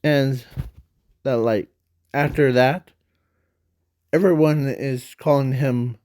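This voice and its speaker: A man's voice: medium pitch, steady tone, slow pace, pauses often, darkish tone, no echo, clean studio sound. A man telling an unscripted fan story in a rambling, hesitant way, full of fillers and self-corrections.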